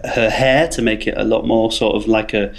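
A man's voice: lowish voice, steady tone, moderate pace, creaky. Chatty, giggly man. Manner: chatty, giggly, rambling with fillers. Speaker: podcast co-host, news segment. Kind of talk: casual comedic chat.

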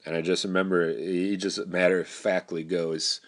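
Young guy, very low voice, rambling candid storyteller, casual. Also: steady tone, moderate pace, hardly any pauses. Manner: rambling, candid, with frequent restarts and profanity. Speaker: storyteller recounting personal experience.

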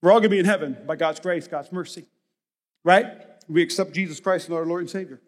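A high-pitched man preaches from the stage of a large church, and his voice rings out through a long, echoing hall. He moves between lively storytelling and sudden shouted bursts. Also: fast talker. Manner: energetic, shouting bursts, storytelling with acted-out dialogue. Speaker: pastor. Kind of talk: sermon.

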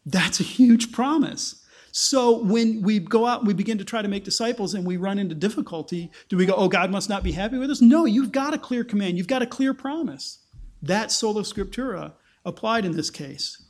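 A man with a fairly high voice gives a relaxed teaching sermon. He explains step by step, with the odd "um" and restart along the way. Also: normal speed. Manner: informal, explaining, with fillers and restarts. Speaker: pastor.

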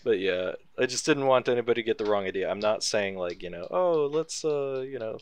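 A man's voice: fairly low pitch, animated, fast, few pauses. A young man co-hosting a casual podcast chat, talking loosely, swearing and laughing often. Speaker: podcast co-host.

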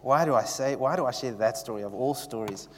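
A man preaching a sermon in an animated, conversational way, often turning to ask the congregation questions. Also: medium pitch, brisk, a little hiss or hum. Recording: long echoey reverb of a hall.

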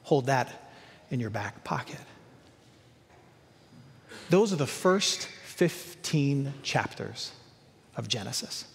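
A man's voice: mid-range voice, animated, takes it slowly, vocal fry, long pauses, in a large hall. A male pastor preaching a sermon, emphatic, with repeated lists and rhetorical questions.

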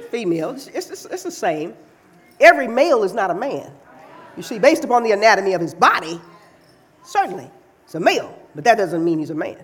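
A woman preacher giving a lively, playful sermon in a church, teasing her listeners as she makes her points. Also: mid-range voice, a little fast, husky. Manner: playful, teasing, animated delivery.

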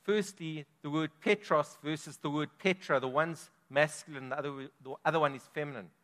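A man's voice: on the high side, fairly even intonation, normal speed, fairly bright tone. Emphatic male preacher in a big hall. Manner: emphatic, dynamic preaching with strong swells in volume. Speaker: pastor. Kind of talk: sermon. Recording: long reverb of a large hall.

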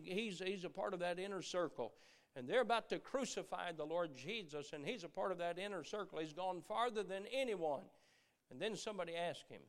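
A middle-aged man preaching a sermon, earnest, repeating words as he goes and dropping from loud emphasis to a hush. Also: sits high.

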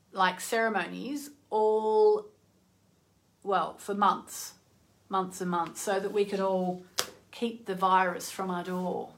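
A woman with a medium-pitched, gravelly voice hosts a casual live-stream oracle card reading. Chatty and effusive, she reacts emotionally out loud, drifting between soft near-whispers and excited exclamations.

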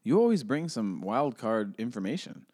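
A man's voice: medium pitch, very animated, moderate pace, a little mellow, slightly rough. A man co-hosting a casual podcast, joking around and laughing often. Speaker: podcast co-host.

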